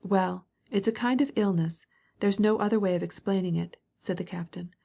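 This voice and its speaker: A woman reading a classic novel aloud as an audiobook narrator, mostly even and unhurried, lifting her voice slightly for dialogue. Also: on the low side, gravelly. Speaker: audiobook reader.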